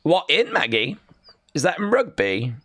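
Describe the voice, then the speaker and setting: An excitable young man, hosting a live watch-along stream, chatting, chanting and reading out viewer comments. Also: fairly high pitch, measured pace, dry recording. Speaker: livestream host.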